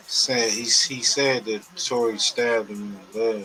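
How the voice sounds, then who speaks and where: Bright-voiced slangy male host. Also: lowish voice, fairly even intonation, unhurried, hardly any pauses, soft background music, poor audio. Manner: loose, slangy, profane chat. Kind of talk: casual commentary.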